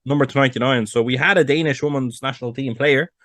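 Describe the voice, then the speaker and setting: A young man co-hosting a podcast, bantering quickly and excitably. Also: medium pitch, no room sound, studio quality. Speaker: podcast co-host. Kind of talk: casual chat.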